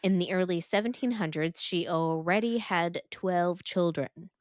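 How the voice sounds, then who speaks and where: Low-voiced woman telling a story casually. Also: measured pace, no echo, clean studio sound. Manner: rambling, restarts and laughs. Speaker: podcast co-host.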